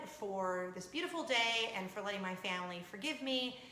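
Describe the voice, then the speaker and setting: A woman's voice: mid-range voice, normal speed, bright, forceful tone, echoey room, slight background noise, low-quality recording. A woman, hosting a vlog and telling a personal story in a chatty, confessional way, laughing as she goes. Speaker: vlog host. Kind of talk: casual storytelling to camera.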